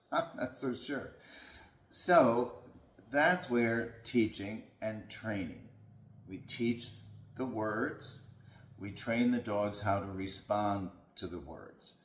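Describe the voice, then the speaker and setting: A man who works as a dog trainer, explaining training in a calm, patient way. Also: lowish voice, takes it slowly, slight background noise. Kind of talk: instructional talk. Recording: echoey room.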